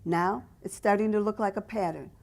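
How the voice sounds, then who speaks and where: A firm father of a family, calm, plain-spoken and decisive, as a woman reading her book voices him. He speaks in a measured, steady way that ends arguments. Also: medium pitch, creaky, close to an everyday voice. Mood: stern.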